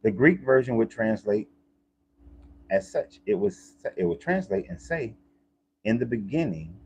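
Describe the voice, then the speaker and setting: A man's voice: medium pitch, very animated, unhurried, gravelly, darkish tone, lo-fi sound, a little hiss or hum. A man talking in a casual, rambling monologue, often restarting and repeating himself, as a life coach.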